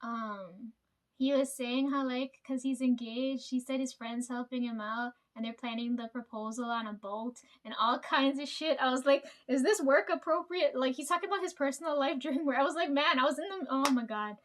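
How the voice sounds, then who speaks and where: A woman's voice: high voice, normal speed. A young woman telling a workplace story to her viewers in a rambling, profane way, leaning on "right?" and "like". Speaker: vlogger.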